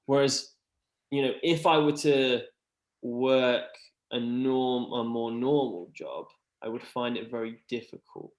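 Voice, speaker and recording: A man's voice: mid-range voice, slow pace. A man chatting earnestly about mental health, rambling with lots of fillers. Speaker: podcast guest. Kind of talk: casual chat. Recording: roomy echo.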